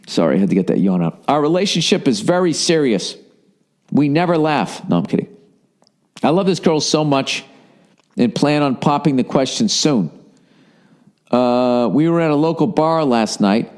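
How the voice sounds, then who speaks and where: A man's voice: a little high, expressive, unhurried, pauses often. A comedy podcast host with a somewhat raised voice reads a listener letter aloud. He keeps interrupting it with blunt, profane, sarcastic commentary.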